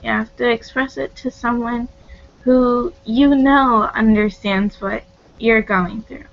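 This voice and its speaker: A woman vlogger speaking in a halting, heartfelt confessional monologue, close to tears, with many hesitant pauses. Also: on the high side, steady tone, vocal fry, lo-fi sound. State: tearful, on the verge of crying.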